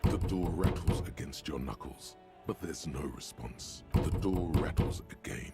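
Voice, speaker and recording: A man narrating a video game in a grave, deliberate voice. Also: a bass voice, over music. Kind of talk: scripted narration.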